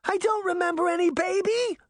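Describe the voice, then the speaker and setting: Red Riding Hood, voiced by a man as a high, tearful little girl. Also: takes it slowly, dry recording, studio quality, natural voice. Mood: frightened. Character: fragile confused little girl.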